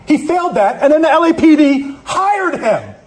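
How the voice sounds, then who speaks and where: Furious high-voiced man denouncing police. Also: big pitch swings, moderate pace. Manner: angry, accusatory, profane. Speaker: public commenter. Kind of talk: impassioned public comment speech.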